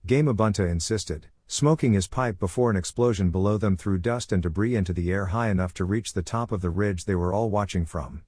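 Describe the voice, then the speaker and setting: A man narrating a fan fiction story in a steady, plain reading. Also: sits low, a little fast, few pauses, no echo.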